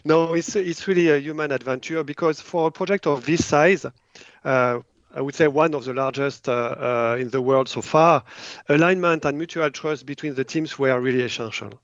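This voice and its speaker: A man's voice: medium pitch, moderate pace, dry recording, lo-fi sound. A man with a French accent, a biotech company head, answering in a podcast interview, hesitant and full of fillers. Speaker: biotech company CEO, guest.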